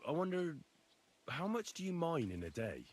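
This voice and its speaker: A man's voice: a little high, big pitch swings, moderate pace. An actor playing a polite, inquisitive young male nobleman in a video game. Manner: polite, questioning, firm when crossed.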